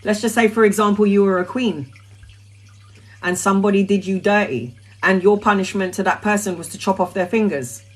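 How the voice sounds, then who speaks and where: A talkative woman hosting a casual spiritual live stream, her voice sitting at an ordinary middle pitch. She chats loosely with plenty of ums and uhs, then drops into soft, repeated mantra chanting that fades lower. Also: brisk. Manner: talkative, with frequent um and uh. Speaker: spiritual live-stream host answering questions.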